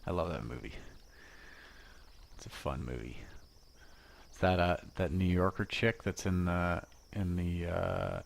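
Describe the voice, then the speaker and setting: Slow, gravelly-voiced man teaching casually. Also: deep voice, big pitch swings, slight background noise. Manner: chatty, joking, talks to himself while working. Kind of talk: casual screen-recorded software lesson. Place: at home.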